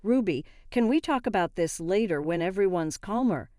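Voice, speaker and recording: A woman's voice: mid-range voice, lively intonation, moderate pace, warm tone, no room sound, clean studio sound, natural voice. A woman voicing a hesitant, apologetic young adult brother. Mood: sheepish.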